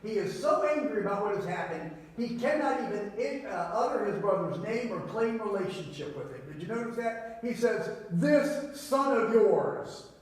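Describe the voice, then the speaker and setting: A man preaching a sermon, telling the story with big swings between loud and hushed delivery. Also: normal speed, few pauses. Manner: animated storytelling with wide swings in pitch and volume. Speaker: pastor. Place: church sanctuary. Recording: very echoey church hall, mic at a distance.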